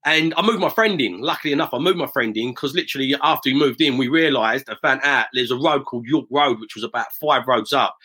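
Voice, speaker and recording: A middle-aged property investor from south-east England, near Romford, is the guest in a casual storytelling interview. He speaks quickly in a bright, slightly husky, medium-pitched voice, sharing anecdotes and slipping into the voices of the people he quotes.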